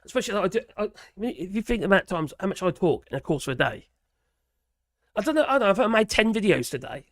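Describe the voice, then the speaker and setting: A man's voice: high-pitched, very animated, quick pace, no echo, clean studio sound. A man with a Norfolk accent, rambling bluntly through a casual live stream, his voice slightly strained. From England. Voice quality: slightly strained, mucus-prone throat. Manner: rambling, blunt, chatty with frequent restarts and slang.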